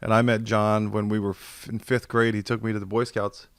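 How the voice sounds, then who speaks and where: A man's voice: on the low side, flat delivery, brisk, clear, resonant tone, dry recording. A man telling a long funny story in casual chat over a video call, acting out the quotes and laughing often. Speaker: podcast guest. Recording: dry video call audio.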